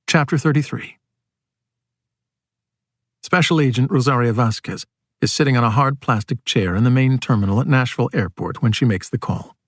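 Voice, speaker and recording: Man, audiobook narrator, measured and steady, mid-pitched voice, dry close sound. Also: dry recording.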